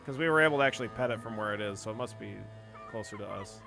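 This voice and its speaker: A man's voice: lowish voice, very fast, creaky, pushed and bright, soft background music. A man streaming a video game in casual commentary, joking, swearing and reading the game text aloud.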